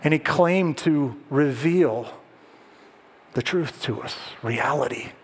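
A male pastor delivers a sermon in a voice of ordinary pitch, shifting between lively storytelling and quiet, hushed emphasis. His words ring out with a long reverb, as if spoken in a church hall. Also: slow pace, slightly rough. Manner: storytelling, drops to soft hushed tones for emphasis.

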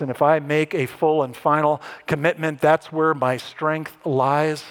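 A man preaching a sermon as pastor, animated and lifting his voice when he acts out what others said. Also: on the high side. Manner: animated preaching, voice rising to act out quoted speech.

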